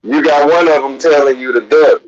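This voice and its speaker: A man keeps breaking into a joking group chat, repeating his lines to get heard. His voice sits at a middling pitch, and the recording is muffled and lo-fi. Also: normal speed. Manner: repeats himself, calls for attention. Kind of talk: casual comic banter. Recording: dull lo-fi sound.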